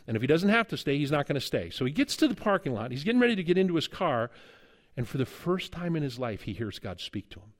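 A middle-aged man, a guest preacher who teaches at a seminary, delivers a sermon with a lively, humorous story and chuckles along the way. His pitch is fairly high and he talks fast.

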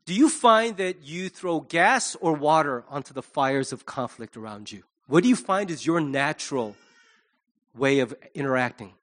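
A middle-aged man preaching a sermon as pastor, animated, acting out quoted voices. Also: a little high, moderate pace.

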